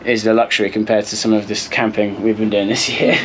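A man's voice: on the low side, flat delivery, fairly quick, fairly bright tone, a little hiss or hum. An English man narrating a casual vlog as he works, chatty and full of ums and likes. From England. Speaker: vlogger.

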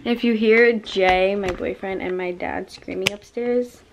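A young woman in her late teens chatting casually to a camera set down at home at night, soft, heartfelt and rambling. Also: mid-range voice, fairly even intonation, measured pace, creaky, noisy background. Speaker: vlogger. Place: home at night, taking off makeup. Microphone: camera set down nearby.

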